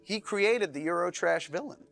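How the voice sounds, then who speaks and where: A man's voice: high-pitched, moderate pace, creaky, fairly bright tone, faint music behind. A man giving wry, casual commentary on a film in an interview.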